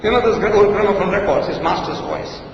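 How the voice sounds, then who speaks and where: A man with a high voice gives a sarcastic, emphatic debate speech full of rhetorical questions. He is recorded from a distance in a large, echoing hall with a long reverb. The sound is dull and lo-fi. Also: fast talker, gravelly, slight background noise.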